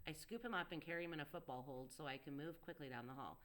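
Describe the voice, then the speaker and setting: A woman narrating a first-person audiobook in a steady, intimate storytelling manner. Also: deep voice, fast.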